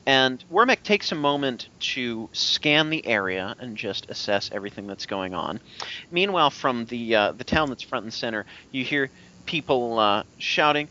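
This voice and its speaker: A man narrating as game master of a tabletop game, describing scenes with many fillers and pauses. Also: mid-range voice, expressive, bright, forceful tone. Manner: descriptive, halting with fillers, puts on brief voices for townsfolk. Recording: dull lo-fi podcast audio.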